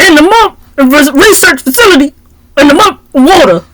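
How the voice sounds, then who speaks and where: Woman doing a gruff tough-guy impression. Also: high-pitched, expressive, normal speed, a bit bright, dry recording, voice pushed up. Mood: laughing gruff. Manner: laughing through the lines. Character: gruff middle-aged man, impression of a famous actor.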